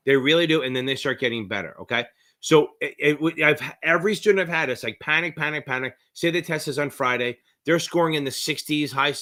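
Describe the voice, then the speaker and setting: A middle-aged man with a New Jersey accent, tutoring on a live-stream Q&A in a rambling, profane, excitable way. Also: on the high side. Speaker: exam prep tutor.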